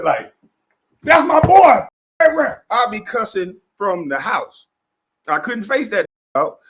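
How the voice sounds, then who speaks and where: Pitched high, his pushed, bright voice carries a breathy edge. This former basketball player, now in his forties, laughs through an animated, foul-mouthed rant, mocking others and impersonating whoever he quotes.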